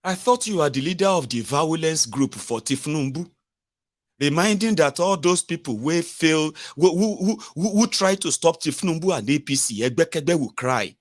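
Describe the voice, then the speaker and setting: A man with a Nigerian accent voicing a fussing middle-aged wife who dotes on her husband with gentle mockery. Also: a little high, expressive, normal speed, lightly acted. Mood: mock consoling. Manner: doting, teasing, gently mocking.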